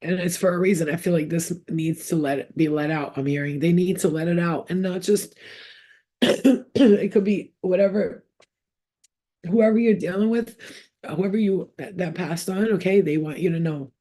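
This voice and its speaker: A woman's voice: on the low side, moderate pace, mellow. Emotional, rambling woman giving a psychic reading. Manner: rambling, emotional, repeats names as they come through. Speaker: psychic medium. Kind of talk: channeled spirit reading to camera.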